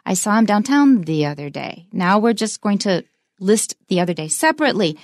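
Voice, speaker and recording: A woman teaching English pronunciation, saying example sentences slowly and with emphasis. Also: medium pitch, big pitch swings, darkish tone, no room sound, clean studio sound. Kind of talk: bilingual English lesson.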